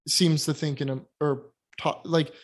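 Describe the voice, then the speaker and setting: A man's voice: on the high side, level tone, measured pace. Chatty man giving blunt film opinions. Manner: hesitant, many fillers and restarts, candid critical opinions. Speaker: podcast co-host reviewing films. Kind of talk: casual chat.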